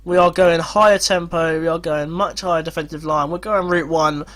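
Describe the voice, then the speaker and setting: Young man, fairly high voice, excitable gaming commentary with yelling at big moments. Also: normal speed. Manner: shouts and cheers at goals, frantic play-by-play. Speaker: gaming YouTuber. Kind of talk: excited football game commentary.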